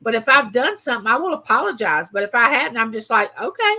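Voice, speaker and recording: A woman's voice: fairly high pitch, animated, quick pace, pushed and bright, rough recording. A woman hosting a casual livestream chat, speaking frankly and with emphasis. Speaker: host.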